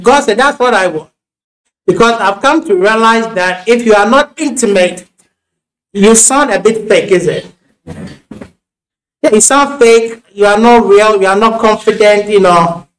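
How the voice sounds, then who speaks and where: A man's voice: high-pitched, fairly bright tone, poor audio. A man with a Ghanaian accent preaching a sermon in a church, telling homely stories with frequent restarts and laughing asides. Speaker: pastor.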